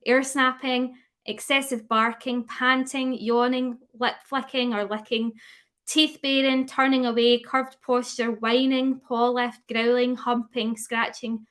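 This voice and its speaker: A young woman leads a live webinar in a fairly high voice. She talks in a loose, chatty way, fires questions at her listeners and reads their answers back as they come in. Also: fairly bright tone. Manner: chatty, asks the audience questions, reads out chat replies. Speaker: dog grooming educator.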